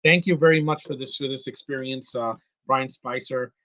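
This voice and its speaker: Teary guy in his 30s rambling on his livestream, earnest, voice kinda mid-pitched. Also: fairly even intonation, a bit bright. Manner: earnest, halting and heartfelt. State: choked up, near tears. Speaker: live stream host. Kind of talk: emotional live commentary.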